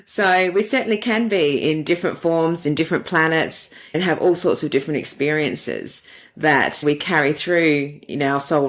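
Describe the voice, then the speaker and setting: A middle-aged woman, a podcast guest and dating coach, answering interview questions with earnest, flowing storytelling. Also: deep voice.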